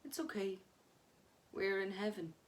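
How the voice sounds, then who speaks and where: A woman voicing a calm, soothing ghost husband. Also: medium pitch, a little slow, close to an everyday voice. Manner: soothing, patient. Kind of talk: dramatic story reading.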